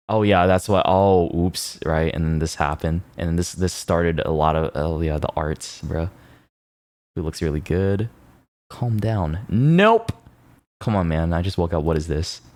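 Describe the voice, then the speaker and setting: A man streaming casually, reacting to viewers' posts in an excitable, sweary way. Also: low voice, dry recording. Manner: excitable, swears freely, jumps between mumbling and loud outbursts.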